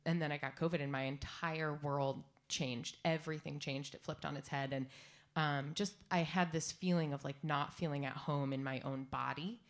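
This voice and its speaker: A woman in her thirties, a singer-songwriter talking on stage between songs, tearful and rambling with halting fillers. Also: low voice, steady tone. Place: stage at a live songwriters' round.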